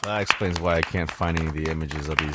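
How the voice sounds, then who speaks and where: A man chiming in on a podcast with brief, quick interjections. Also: extremely low pitch, steady tone, heavy background noise. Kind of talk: casual chat.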